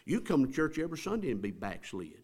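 A male pastor preaching a sermon in a church, dropping to near murmurs and then rising to drawn-out shouts. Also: medium pitch, sing-song, husky. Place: church building.

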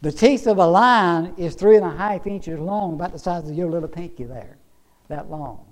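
High-voiced emphatic preaching man. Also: moderate pace, rough recording. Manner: emphatic, repetitive, folksy storytelling. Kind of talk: sermon.

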